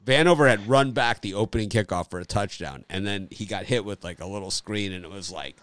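A man with a fairly low voice hosts a loose sports betting chat. He rambles and repeats himself with easy enthusiasm. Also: fairly quick, fairly bright tone, no room sound. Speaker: sports betting show host. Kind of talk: casual sports chat and storytelling.

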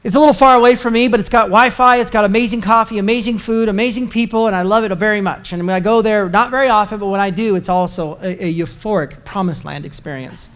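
High-voiced pastor preaching casually. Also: male voice, fast talker, few pauses, a bit bright, clear, resonant tone. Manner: conversational and joking, with emphatic repetition. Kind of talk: sermon. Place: church service before a congregation.

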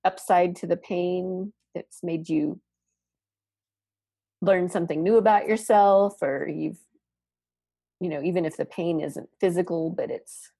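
A woman with a husky, fairly low voice co-hosts a casual podcast. She thinks aloud in long, rambling sentences full of "you know". Her voice sounds close and dry. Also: dark tone, dry recording. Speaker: podcast co-host.

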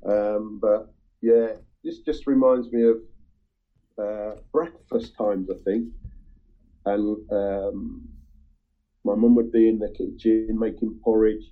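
A man chatting casually with friends about a song, talking in a halting way with lots of ums and restarts. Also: fairly low pitch, fairly even intonation. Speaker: music-sharing group member. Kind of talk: casual chat. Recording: tinny phone-like line.

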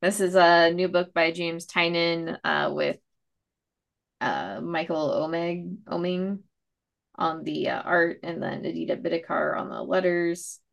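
Relaxed gravelly-voiced woman reviewing comics. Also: fairly low pitch, unhurried. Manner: relaxed, rambling, swears casually. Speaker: comic book podcast host. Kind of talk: casual chat reviewing comics.

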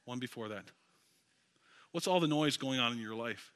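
A man preaching a sermon as pastor in a church, telling a story with lively asides to the congregation. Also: medium pitch, normal speed.

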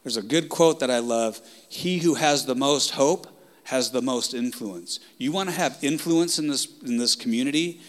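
Guy preaching a sermon, gets fired up then drops to a whisper, mid pitched voice. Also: normal speed. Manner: impassioned, swinging from loud outbursts to hushed whispers.

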